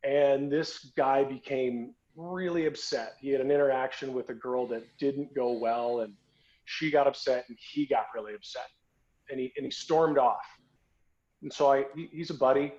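A man's voice: medium pitch, moderate pace, a little mellow. A man hosting a podcast, telling a story in a casual, conversational way with frequent restarts and repeated words. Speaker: podcast host. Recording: dull lo-fi podcast audio.

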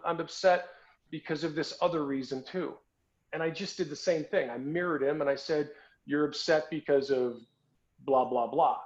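A man hosting a podcast, telling a story in a casual, conversational way with frequent restarts and repeated words. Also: fairly high pitch. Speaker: podcast host. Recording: dull lo-fi podcast audio.

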